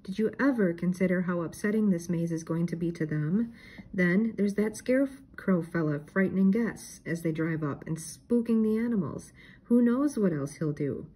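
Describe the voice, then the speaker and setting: A woman's voice: on the low side, normal speed, mellow, husky, rough recording. A woman reading aloud and voicing a grumbling older male farmhand who complains constantly.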